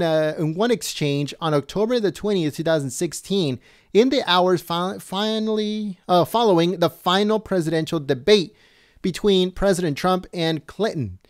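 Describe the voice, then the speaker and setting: A man reading news items aloud slowly and adding his own commentary, stumbling and correcting himself and asking viewers questions. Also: high-pitched, dry recording, clean studio sound. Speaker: political commentary host.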